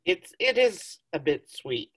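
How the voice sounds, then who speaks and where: Low-voiced giggly woman telling rambling stories. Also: very animated, takes it slowly, breathy edge. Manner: rambling storyteller, giggly, swears freely. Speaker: podcast co-host. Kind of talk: casual chat.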